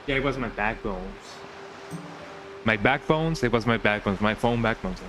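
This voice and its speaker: A man's voice: lowish voice, moderate pace, background noise. A young man streaming a game, chatting in a playful, rambling way and tagging lines with "eh?". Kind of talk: casual gameplay commentary.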